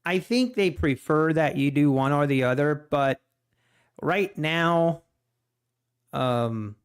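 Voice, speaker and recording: Man, livestream trader, rambling self-deprecating chat, slightly high smooth voice. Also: takes it slowly. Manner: relaxed, rambling, self-deprecating, chuckles often. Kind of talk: casual live-stream chat.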